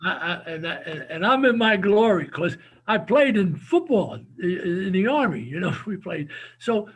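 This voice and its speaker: A man, telling animated stories as an interview guest and often repeating his words. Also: high-pitched, normal speed, breathy edge. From New Jersey. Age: 70s. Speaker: guest, former football coach. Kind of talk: casual storytelling interview.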